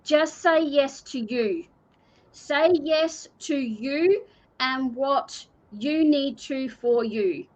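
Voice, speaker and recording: This Australian card reader draws out her words in a high voice while giving a live intuitive reading. Her manner is earnest, repetitive, and pleading, and the stream audio is dull and lo-fi.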